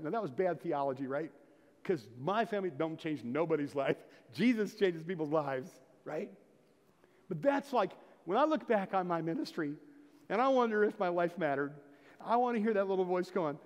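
Middle-aged male pastor, folksy sermon storyteller who turns emphatic, slightly high voice, reverberant church hall. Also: animated, brisk. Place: church sanctuary.

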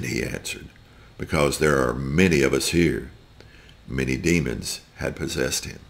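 A man reading a scripture story aloud, slow and deliberate with occasional slips. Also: very deep voice, vocal fry. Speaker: scripture reader.

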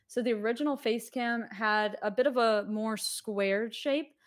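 A woman co-hosting a livestream product demo, playful and chatty, often laughing. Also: medium pitch. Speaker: co-host.

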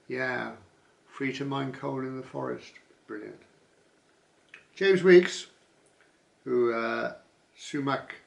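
Chuckling man with a gravelly voice. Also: medium pitch. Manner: chuckles often, dry asides. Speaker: vlogger reading viewer comments. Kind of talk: casual chat reading comments aloud.

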